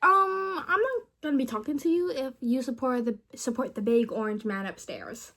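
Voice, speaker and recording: A woman's voice: high-pitched, normal speed, fairly bright tone. Rambling young woman chatting playfully. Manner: rambling, playful, mumbles asides. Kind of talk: casual chat with a chatbot.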